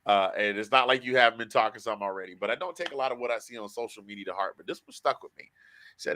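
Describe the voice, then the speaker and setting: A man's voice: medium pitch, brisk. A man hosting a sports podcast, telling stories with a lot of feeling and animation in casual talk. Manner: emotional, animated storyteller. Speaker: podcast host.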